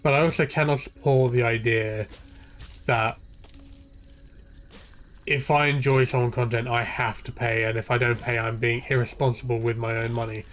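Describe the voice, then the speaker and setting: A man's voice: mid-range voice, little pitch movement, moderate pace, long pauses, fairly bright tone, soft background music. A young man ranting and swearing freely while streaming a game, rambling from point to point. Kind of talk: ranting live gameplay commentary.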